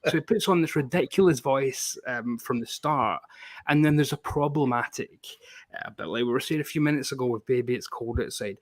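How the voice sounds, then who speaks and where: A man holding forth on a live panel stream, mocking and profane. His voice sits at an ordinary middle pitch. It is recorded dry and close, with no room sound. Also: a little fast, dry recording. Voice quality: sarcastic, swears a lot, mocking. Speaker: panelist on a music talk stream. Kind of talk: profane ranting casual chat.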